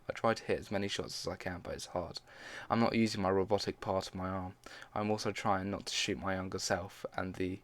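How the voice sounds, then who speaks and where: Low-voiced man reading fan fiction aloud. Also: no room sound. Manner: reads with frequent stumbles and side comments.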